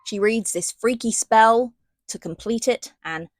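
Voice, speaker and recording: A woman's voice: on the high side, measured pace, no echo. A woman giving a sarcastic, slangy casual book review, reading passages aloud between rants. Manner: sarcastic, ranting, slangy asides.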